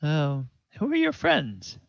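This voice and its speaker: A man's voice: on the high side, wildly swooping pitch, slow, creaky, dry recording, voice pushed up, heavily acted. Figure: halfling farm mother, fussy and motherly. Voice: a man putting on a raised, flustered tone. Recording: dull lo-fi tabletop game. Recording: dull lo-fi sound.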